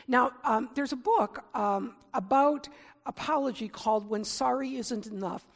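A woman giving a sermon in a conversational, self-deprecating way, getting animated when she gives examples. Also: on the high side, a little slow, long reverb tail. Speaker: preacher.

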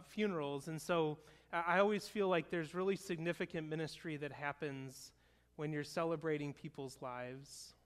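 A man's voice: fairly high pitch, fairly bright tone, smooth. A man in his thirties, a pastor preaching a sermon in an earnest, conversational storytelling way. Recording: long hall reverb.

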